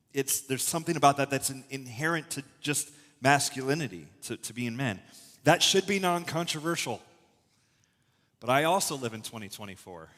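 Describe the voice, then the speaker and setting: Animated male pastor in a reverberant church. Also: medium pitch. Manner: conversational, animated storytelling with frequent restarts. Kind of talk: sermon. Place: church auditorium. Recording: long hall reverb from a church room.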